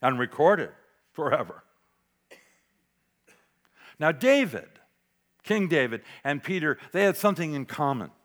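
Male pastor, sermon delivery, higher-pitched voice, dramatic dynamics from whisper-soft to emphatic. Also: very animated, measured pace, pauses often. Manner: dramatic, varies loudness, drops to near whisper for emphasis.

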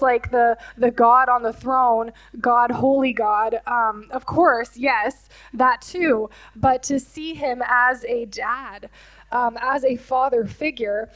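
High-pitched woman, worship leader sharing her testimony, earnest, full of ums. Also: fairly bright tone, rough recording. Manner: earnest, emotional, many fillers. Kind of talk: personal testimony in church interview.

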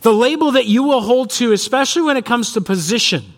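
A male pastor preaching in a loose, conversational way, leaning on fillers and restarts. His speaking voice sits fairly high for a man, and he moves between prayer and storytelling. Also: expressive, a little fast. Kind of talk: sermon with storytelling.

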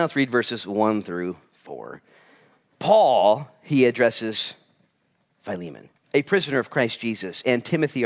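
A man preaching a sermon in a conversational, storytelling way, moving between hushed asides and excited bursts. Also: on the high side. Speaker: pastor.

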